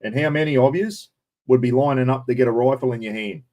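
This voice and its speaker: This livestream host, a middle-aged Australian man, answers his viewers with blunt opinions and the odd swear word. He talks quickly in a mid-range, slightly mellow voice.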